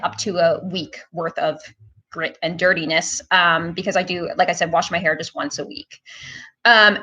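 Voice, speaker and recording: A woman's voice: mid-range voice, a bit bright. Woman streamer, chatty tutorial host, talks straight to viewers, a bit dull lo-fi sound. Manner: chatty, filler-heavy, talks to viewers as "guys". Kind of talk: casual live-stream hair tutorial.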